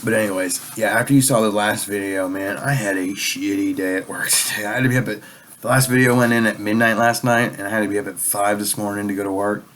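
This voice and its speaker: A man's voice: on the low side, fairly even intonation, fast talker, a bit bright. A man delivering a rambling, profane political rant as a vlogger, sounding a bit tipsy and sarcastic.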